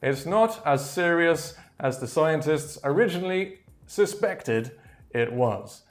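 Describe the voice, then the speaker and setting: A man walks learners through vocabulary at a slow, unhurried pace. His voice sits a little high for a man, and he repeats key words patiently, filling pauses with "okay, there we go.". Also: lively intonation, faint music behind. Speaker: English teacher. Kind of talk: slow explanatory vocabulary lesson.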